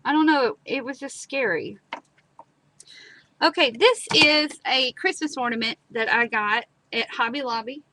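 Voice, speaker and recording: Woman, craft host, dramatic storyteller, high-pitched, noisy background. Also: a little slow, sharp tone. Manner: chatty storyteller, dramatic repetitions. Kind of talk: casual chat and craft demo. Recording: clear background noise, live stream.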